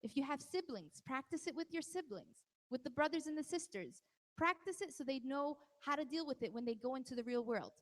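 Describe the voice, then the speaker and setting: A woman with a high voice gives a live parenting talk in a large hall. Her words ring out with a long reverb tail. She keeps it conversational and teases audience members by name. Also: lively intonation, a little fast. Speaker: parenting workshop presenter.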